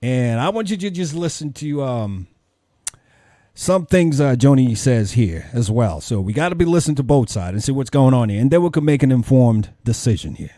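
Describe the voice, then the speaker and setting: A man's voice: mid-range voice, lively intonation, moderate pace, warm tone, no echo, clean studio sound. A man hosting a commentary channel, questioning and preachy as he weighs in from a faith view. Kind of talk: religious commentary.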